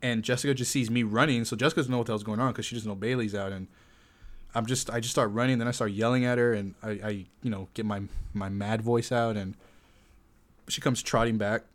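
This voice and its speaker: A man sharing a relaxed anecdote in casual conversation. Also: on the low side, a little fast. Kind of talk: casual chat.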